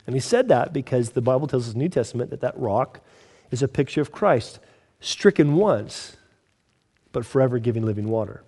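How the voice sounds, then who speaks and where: A man preaching a sermon in a conversational, storytelling way, acting out the characters with lively quotes. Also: medium pitch, a little fast, slightly rough.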